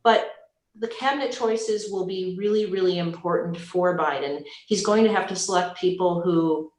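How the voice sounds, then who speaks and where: Earnest woman panelist in an echoey room. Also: lowish voice. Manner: earnest, measured, with frequent restarts. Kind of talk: recorded panel discussion.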